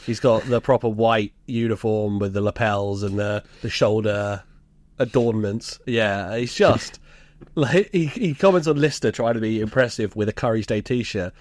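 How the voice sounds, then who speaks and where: A man's voice: fairly low pitch, normal speed, dry recording. A man co-hosting a podcast, casually recapping a sitcom, laughing and swearing as he retells scenes. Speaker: podcast co-host.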